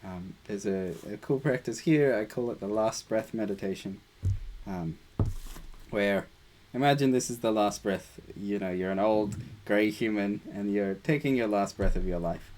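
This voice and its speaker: Easygoing man guiding group meditation over a call, lower voice, casual and playful. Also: moderate pace. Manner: relaxed, casual, chatty with playful asides. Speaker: meditation teacher leading a group. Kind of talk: guided meditation discussion.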